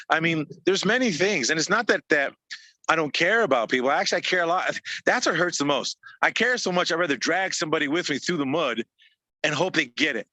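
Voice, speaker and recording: A man's voice: on the high side, lively intonation, fairly quick, bright, forceful tone, dry recording. A man coaching business owners in a motivational talk over a video call, emphatic and repetitive, stacking short punchy phrases.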